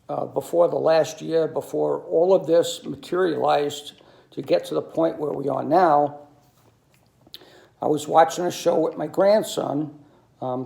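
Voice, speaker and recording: Gravelly older New man, halting. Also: a little high, mellow. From New York City. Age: 60s. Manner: halting, many ums and uhs, storytelling. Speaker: video commentator. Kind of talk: monologue to camera.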